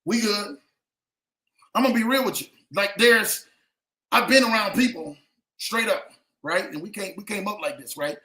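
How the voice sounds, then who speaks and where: High-voiced man telling stories in a roomy echo. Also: normal speed. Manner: animated, repetitive, keeps checking in with listeners. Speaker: show host. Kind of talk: casual livestream storytelling and advice.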